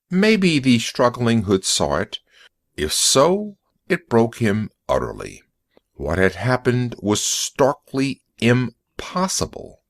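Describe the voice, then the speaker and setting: A man narrating a story in a slow, clear audiobook reading for English learners. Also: medium pitch. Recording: dry close recording.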